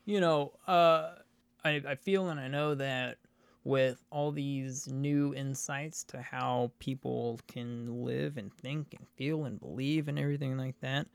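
A man with a gravelly, fry-tinged voice that stays smooth and resonant. He speaks thoughtfully and haltingly in casual chat. The sound is dry and close. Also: mid-range voice, fairly even intonation, dry recording. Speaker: podcast co-host.

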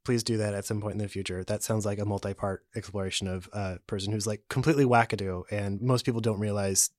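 A man's voice: fairly low pitch, steady tone, fast talker, darkish tone, no echo. A man interviewing as a podcast producer, asking questions with dry, joking humor. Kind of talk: casual interview.

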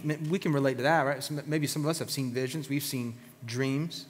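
A male pastor delivering an animated, conversational sermon with plenty of emphasis. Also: mid-range voice, normal speed, big-room sound.

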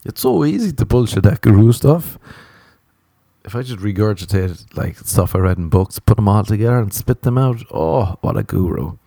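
A man's voice: lowish voice, animated, moderate pace, dark tone, no room sound. A young Irish man in his twenties, rambling through a comedic solo chat, profane and self-mocking, close to the mic. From Ireland. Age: 20s.

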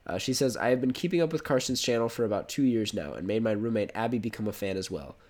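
A young man talks through a relaxed podcast episode with a cold. His voice sits a little low, and he rambles, stumbles over names and laughs easily. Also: fast talker. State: has a cold. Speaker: podcast host. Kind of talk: casual podcast chat.

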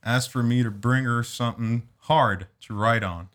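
A man hosting a casual podcast chat, reading dark jokes aloud, laughing and swearing freely. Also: mid-range voice, moderate pace. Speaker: podcast host.

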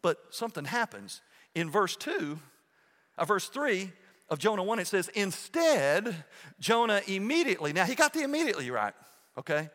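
A male pastor preaches in a church sanctuary, his high voice sing-song and a bit bright at a moderate pace, ringing with big-room sound. His delivery is conversational, full of restarts, repeated words, and "okay?" check-ins.

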